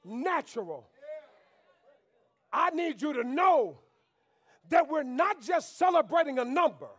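A man. He builds to fervent shouts and falls back to quiet, intense lines. He keeps urging the pews to answer him. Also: very high-pitched, expressive, a little slow. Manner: preaching with call-and-response, swings between shouting and quiet. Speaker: pastor. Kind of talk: sermon. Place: church sanctuary.

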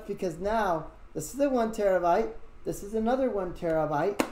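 A woman's voice: medium pitch, darkish tone. A woman hosting a casual conversation, talking in a loose, rambling, chatty way. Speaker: show host. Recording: roomy echo.

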